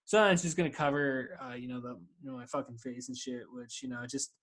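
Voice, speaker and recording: A man's voice: mid-range voice, fairly quick, fairly bright tone. A man in his thirties hosting a solo podcast while stoned, rambling in a loose, profane way, laughing and talking back to himself over a video call. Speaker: podcast host.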